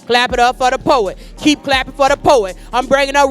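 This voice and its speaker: A man's voice: extremely high pitch, brisk, a bit bright, faint music behind. A man hosting a poetry slam, reading out scores and hyping the crowd in a loose, playful way. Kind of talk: live event hosting.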